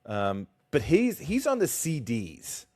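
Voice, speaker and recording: Mid-voiced guy cohosting a book podcast, really lively pitch, teasing and playful. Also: slow pace. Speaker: podcast co-host. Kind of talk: casual book-discussion chat.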